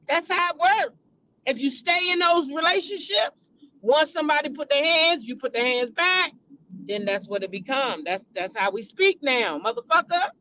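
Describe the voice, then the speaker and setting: High-voiced female commentary host, blunt, profane, heated; AAVE speech. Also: a bit bright, a little hiss or hum, poor audio. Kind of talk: casual commentary vlog.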